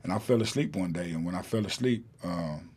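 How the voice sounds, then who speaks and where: A man's voice: sits low, a little fast, a little mellow, husky. A man, a podcast guest telling a long story in a rambling way with many fillers and restarts. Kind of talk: casual storytelling in an interview.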